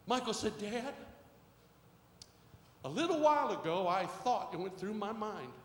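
A middle-aged male pastor preaching a sermon, moving from quiet storytelling to shouted exhortation. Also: sits high, very animated, measured pace. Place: church sanctuary. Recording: echoey hall with faint noise.

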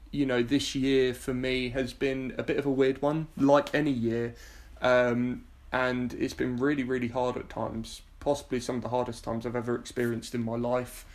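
A man hosting a podcast, thanking guests and listeners in a casual, rambling way with many fillers. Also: medium pitch. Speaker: podcast host. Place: home sofa, in person with guest.

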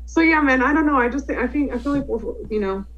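A woman's voice: sits high, lively intonation, quick pace, a bit bright. Casual co-host: young woman, salty and rambling, somewhat dull recording. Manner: profane, laughing often, rambling. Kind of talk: casual chat.

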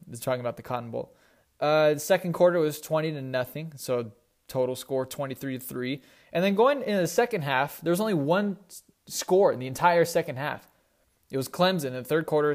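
Rambling young man talking college football. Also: a little high. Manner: rambling, self-correcting, conversational. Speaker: sports podcast host. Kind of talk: casual solo sports talk.

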